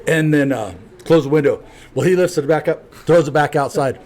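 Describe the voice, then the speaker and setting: A man's voice: fairly high pitch, normal speed, a little mellow. Swearing man telling stories. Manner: swears freely, acts out quotes. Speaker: podcast guest. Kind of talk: casual storytelling.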